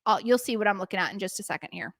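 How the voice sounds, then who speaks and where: A woman's voice: medium pitch, very fast, fairly bright tone. A woman hosting a casual live stream, chatty and bubbly, with lots of fillers. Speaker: host of a live stream for preschool owners.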